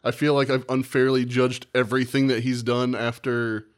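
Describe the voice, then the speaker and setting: A man's voice: medium pitch, little pitch movement, normal speed, clear, resonant tone. Podcast co-host, male, casual storyteller, swears freely, acts out dialogue. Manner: rambling, profane, acts out quotes.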